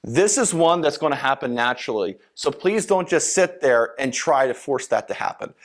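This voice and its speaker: Man, sales trainer, seminar talk, casual, mid-pitched, chatty. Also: lively intonation, normal speed. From Philadelphia. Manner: casual, conversational, fillers, acts out sales lines. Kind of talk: seminar lecture.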